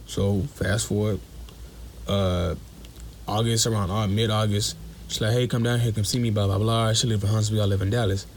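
A man's voice: on the low side, level tone, normal speed, darkish tone, a little hiss or hum. A young man calling in, bluntly telling a personal story in slangy speech. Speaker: caller.

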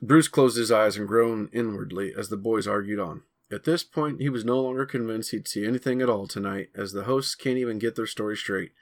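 A man narrating a chapter of his own novel in a measured, steady reading voice. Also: fairly low pitch. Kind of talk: audiobook-style narration.

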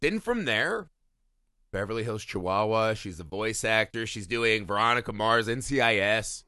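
A man co-hosting a casual film podcast, animated and joking, swearing freely. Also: lowish voice, normal speed, smooth, no room sound, clean studio sound. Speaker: podcast co-host.

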